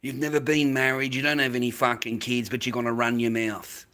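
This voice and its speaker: A man's voice: medium pitch, level tone, brisk, pushed and bright, rough recording. An Australian man hosting a livestream, ranting bluntly at his viewers in a profane, slangy, lecturing way. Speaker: livestream host.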